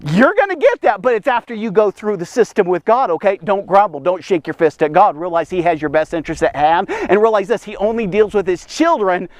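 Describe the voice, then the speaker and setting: High-voiced, emphatic male preacher. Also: expressive, fairly quick, few pauses, no room sound. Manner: emphatic and repetitive, frequent "okay?" and "here's the thing". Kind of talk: energetic devotional preaching.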